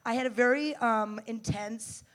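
Stand-up comic, young American woman, fairly high voice, brash and foul-mouthed, punches lines loudly. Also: unhurried. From United States. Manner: brash, profane, loud bursts and mock-tough asides. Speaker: stand-up comedian. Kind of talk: stand-up comedy set.

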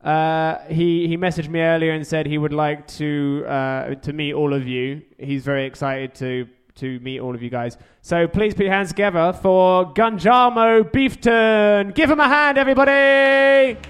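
Clear-voiced man hosting a live show. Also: a little high, normal speed, hardly any pauses. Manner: rambling, awkward humor with filler words. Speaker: podcast host.

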